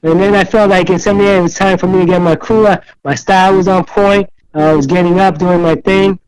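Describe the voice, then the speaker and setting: In a casual interview, a New York City man in his later years rambles animatedly through his stories, putting on the voices of others in quotes. His high voice moves fairly quickly and has a clear, resonant tone. There's no room sound, but the audio is poor.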